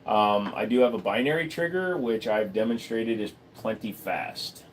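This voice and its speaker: Blunt, deadpan man answering chat. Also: fairly low pitch, moderate pace, a little hiss or hum. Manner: blunt, deadpan, crude humor. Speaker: livestream host. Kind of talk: casual livestream Q&A, answering chat. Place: room at home full of computer gear.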